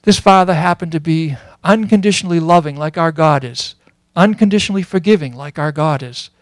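A man giving a sermon as a Bible teacher, earnest and explanatory, pausing often with fillers. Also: fairly high pitch, no room sound.

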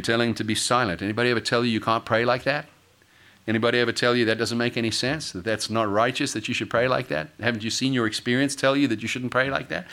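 A middle-aged male pastor preaching a sermon, acting out quoted voices and building to loud, forceful peaks. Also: on the low side. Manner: dramatic, acts out quoted voices, rises to shouting peaks.

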